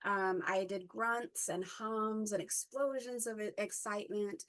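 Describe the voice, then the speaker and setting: A woman in her forties speaks at a middle pitch, sharing her own story in a personal, reflective talk. She pauses often on ums and stops to correct herself. Her pace is unhurried. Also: steady tone, a bit bright. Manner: halting, with many ums and self-corrections. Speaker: guest speaker.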